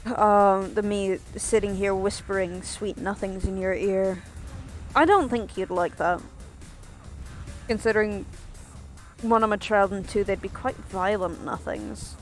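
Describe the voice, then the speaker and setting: A woman's voice: mid-range voice, unhurried, soft background music. A woman chatting casually while streaming a game, rambling and swearing in self-mocking asides. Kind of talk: casual gameplay stream chat.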